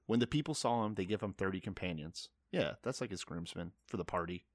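A man's voice: sits low, animated, brisk, dry recording, clean studio sound. A young man in casual podcast chat, explaining a reading with wry, casual swearing.

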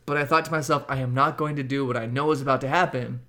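Fast-talking animated male storyteller. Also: medium pitch. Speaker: podcast co-host. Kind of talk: casual storytelling chat.

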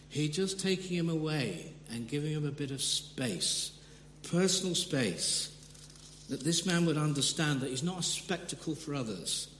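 Guy preaching, kinda high voice, earnest, lots of restarts, big echoey hall w faint hum. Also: fairly bright tone. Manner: earnest, with frequent restarts and sudden emphatic rises. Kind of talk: sermon.

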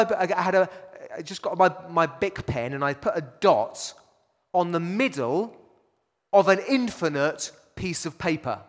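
A man's voice: sits high, long reverb tail. A man preaching a sermon to his congregation in a casual, conversational way, asking rhetorical questions and restarting phrases often. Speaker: pastor.

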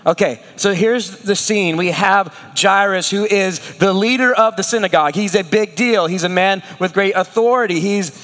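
A man's voice: high-pitched, moderate pace, hardly any pauses, fairly bright tone, big-room sound. A man preaching a sermon as a pastor, acting out the prayers and words of the people he talks about.

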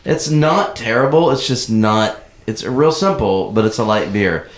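A man's voice: medium pitch, lively intonation, a little slow. A man reviewing beer on a casual podcast, hesitant and stammering. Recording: roomy echo.

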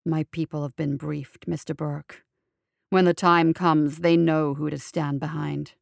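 A woman reading a storybook voicing a smug, fleshy male aristocrat in a lower, quieter, oily voice. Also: flat delivery, a little slow, gravelly, no room sound, studio quality, exaggerated voice.

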